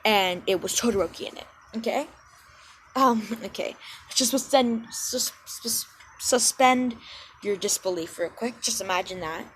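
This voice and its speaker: A woman's voice: medium pitch, a little slow, fairly bright tone, slight background noise, rough recording. A young woman casually retelling a fan story, rambling and often correcting and apologizing for herself.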